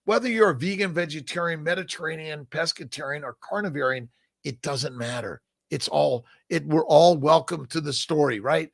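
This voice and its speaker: Reading out viewer comments on a relaxed live stream, this older male host responds with folksy cheer and encouragement, frequently tacking on "right?". The pitch is fairly high and creaky, a little bright, and the studio-quality recording has no echo.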